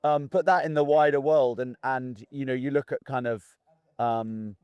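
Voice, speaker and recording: A man's voice: mid-range voice, steady tone, moderate pace, smooth, dry recording, highs cut off. A man hosting a dog training podcast, who chats casually and speaks his mind. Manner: outspoken, chatty, acts out quotes.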